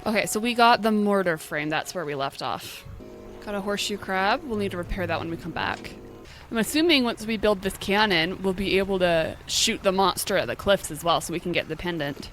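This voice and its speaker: A young woman chatting casually through a video game, thinking aloud, reacting with quick startled remarks, and reading the game's text aloud. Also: medium pitch, lively intonation, a bit bright, faint music behind. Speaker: gaming channel host.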